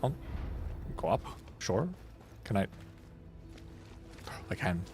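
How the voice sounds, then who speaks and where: Lively playful young man streaming a game. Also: low-pitched, slow pace, soft background music. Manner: thinks aloud, playful, swears, laughs often. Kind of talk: casual gaming commentary.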